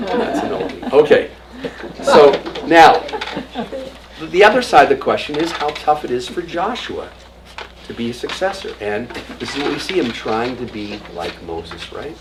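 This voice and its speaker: A male rabbi with a mid-range voice tells stories in an informal adult education class, picked up by a distant mic with audible room noise. He mixes in jokes and acted-out quotes, sometimes dropping to a whisper.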